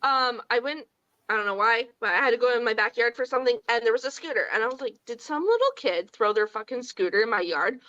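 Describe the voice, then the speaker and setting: Blunt, swearing mom on a podcast. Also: female voice, fairly high pitch, animated, quick pace, pushed and bright, no echo, dull audio. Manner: blunt, swears freely, acts out dialogue. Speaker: podcast co-host. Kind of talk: casual chat.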